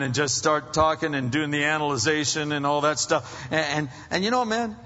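A man preaching a conversational sermon to husbands, animated and acting out little bits of dialogue. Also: a little high, normal speed, few pauses. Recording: muffled, reverberant hall.

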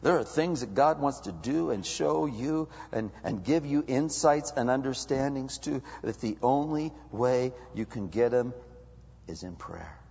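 A male pastor preaching a sermon, animated, swinging between loud emphatic bursts and hushed, quiet asides. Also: mid-range voice, unhurried, creaky, slightly rough. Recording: dull lo-fi recording with long hall reverb.

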